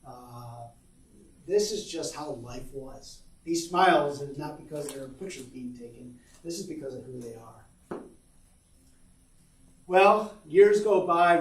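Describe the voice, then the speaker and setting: Man storytelling in an echoey room. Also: a little high. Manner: storytelling, swings between quiet and loud excited bursts. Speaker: workshop presenter. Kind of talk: business workshop talk with personal stories. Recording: roomy echo, distant mic, faint background noise.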